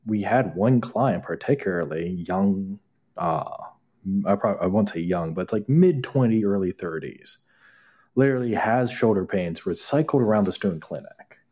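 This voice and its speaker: A man with a very low, deep voice speaks as a guest acupuncturist. He tells clinic stories in a loose, conversational way. He animates them by acting out the lines of the people he quotes. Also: moderate pace, breathy edge. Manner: animated, acts out quoted dialogue. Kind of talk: casual storytelling conversation.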